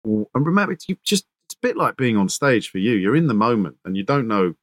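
A man's voice: lowish voice, sing-song, quick pace, no echo. A male radio presenter, a guest on a podcast, telling stories fluently and casually with repeated small words. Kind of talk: casual interview chat.

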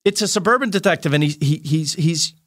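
A middle-aged man telling lively anecdotes as a podcast guest, excitable and quick to laugh. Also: fairly high pitch. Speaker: guest, writer-producer.

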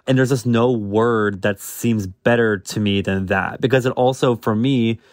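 A man's voice: mid-range voice, fairly even intonation, a little slow, dry recording, studio quality. A man co-hosting a podcast, talking casually with lots of fillers and laughs. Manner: rambling, filler-heavy, laughs often. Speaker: podcast co-host, drag performer. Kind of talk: casual chat.

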